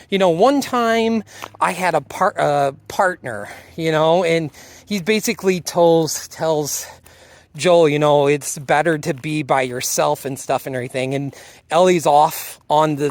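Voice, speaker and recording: This is a casual, loose episode recap from a video reviewer with a mid-range voice, recorded without echo. Acting out what the characters say, the speaker drifts and now and then loses the thread.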